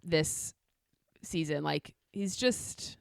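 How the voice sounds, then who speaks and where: A woman's voice: low-pitched, expressive, extremely slow, vocal fry, dry recording, clean studio sound. A woman co-hosting a casual podcast, chatting loosely, restarting sentences and laughing often. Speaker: podcast co-host. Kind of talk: casual chat.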